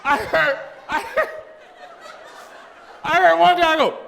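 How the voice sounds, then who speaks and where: A man's voice: very high voice, slow, vocal fry. A man performing live stand-up comedy in a large theater, telling a story and acting out both sides of each conversation. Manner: animated, acts out both sides of conversations with big vocal swings. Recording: live theater recording with long hall reverb.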